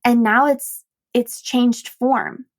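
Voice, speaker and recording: Woman podcast host and coach, slightly high voice, casual storytelling with frequent laughs and self-mocking asides. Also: slow pace. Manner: animated retelling with quoted dialogue. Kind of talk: personal storytelling monologue.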